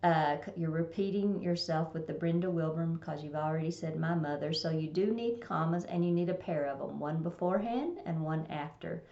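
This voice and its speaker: A woman gives a recorded test-prep grammar lesson, explaining things plainly and reading example sentences aloud. Her low-pitched, dark voice moves briskly with few pauses. The room echoes and the sound is dull and lo-fi.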